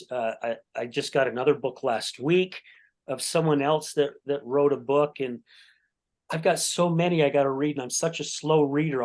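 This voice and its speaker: A man hosting a podcast interview, talking in a chatty, rambling way with many restarts. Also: medium pitch. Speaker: podcast host. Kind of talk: casual interview chat.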